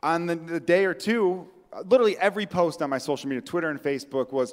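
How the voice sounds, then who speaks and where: This comedy podcast host speaks a little high and fast, barely pausing as he swears freely and mocks himself with wry humor in casual conversation. He's in a room with friends, and a long hall reverb colors the audio.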